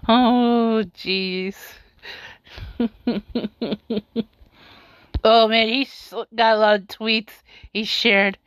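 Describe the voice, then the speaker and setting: Slow-talking amused woman podcaster. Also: medium pitch, no room sound. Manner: laughs often, amused and incredulous. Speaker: podcast host. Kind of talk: casual commentary reading tweets aloud.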